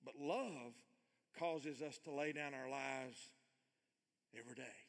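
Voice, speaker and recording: An older man preaching a sermon with earnest emphasis, shifting between loud stressed readings and hushed quiet lines. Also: medium pitch, slow pace, long reverb tail. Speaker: pastor.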